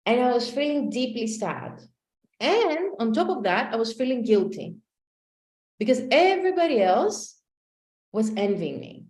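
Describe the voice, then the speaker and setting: Animated woman telling a motivational story. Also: fairly high pitch, a little slow. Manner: animated storytelling with acted-out quotes. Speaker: life coaching trainer and speaker. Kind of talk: motivational talk to a live online audience. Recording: echoey room.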